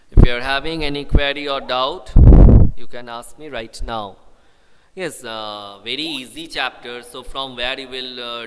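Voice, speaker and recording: Slow, bright-voiced teacher. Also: male voice, mid-range voice, clean tone, in a large hall. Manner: patient, repeats example sentences for pupils. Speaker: school English teacher. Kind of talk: live classroom grammar lesson.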